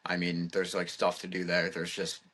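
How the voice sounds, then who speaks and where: A man's voice: low voice, completely flat delivery, moderate pace, a bit bright. A young man in his twenties, a podcast guest, chatting casually and rambling with lots of filler words. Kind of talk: casual chat.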